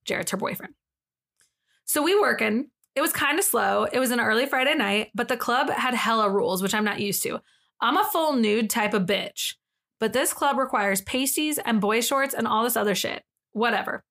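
Higher-pitched woman co-hosting a casual podcast. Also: moderate pace, gravelly. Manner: animated retelling with slang and frequent laughter. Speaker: podcast co-host. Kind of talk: casual storytelling, reading a thread aloud.

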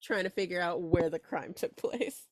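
A woman with a slightly low voice plays a tabletop game, thinking out loud with frequent ums and likes and a giggly, hesitant manner. Her voice sounds dry and close to the microphone. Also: normal speed, no room sound. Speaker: player. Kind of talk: casual tabletop game play.

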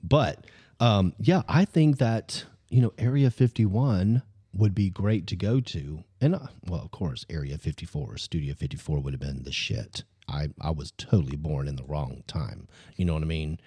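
Deep, husky, rambling man. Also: normal speed, dark tone, no room sound. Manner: rambling, many fillers and restarts. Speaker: podcast host. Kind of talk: casual chat.

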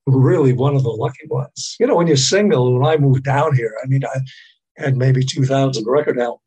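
Speaking briskly at medium pitch, this older Boston-area radio veteran rambles through stories and laughs as a podcast guest. His tone is dark with a breathy edge, and the recording is rough.

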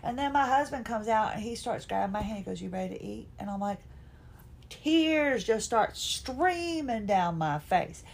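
A woman's voice: a little high, expressive, unhurried. Folksy woman telling a story. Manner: folksy, chatty, self-mocking. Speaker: podcast host. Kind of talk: personal storytelling.

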